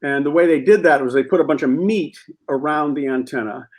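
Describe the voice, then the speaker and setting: A man telling a comic anecdote as a talk-show guest, animated and acting out what people said. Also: fairly high pitch, a little fast, low-quality recording. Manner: animated storyteller who acts out quotes.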